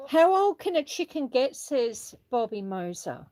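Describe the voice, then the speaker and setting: This middle-aged woman keeps up a casual live chat while walking her farm, reading out comments from viewers. Her high voice is very animated and unhurried, with hardly any pauses; she's chatty, warm, and laughs a lot. There's no echo.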